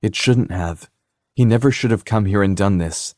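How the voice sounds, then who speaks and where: A man voicing a shaken young woman in an audiobook, speaking earnestly and softly. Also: fairly low pitch, moderate pace, dry recording, studio quality, natural voice. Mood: shaken, tender. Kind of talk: audiobook character voice.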